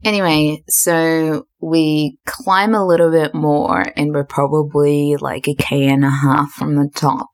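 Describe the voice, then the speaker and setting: Low-voiced chatty woman podcaster. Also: little pitch movement, unhurried, hardly any pauses. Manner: chatty, filler-heavy, self-described dramatic. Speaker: podcast host. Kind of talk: casual storytelling.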